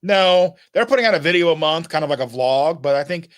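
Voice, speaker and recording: A man's voice: on the high side, expressive, a little fast. Rambling man on a chat podcast. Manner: rambling, with many restarts and "like". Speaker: podcast host. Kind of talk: casual chat.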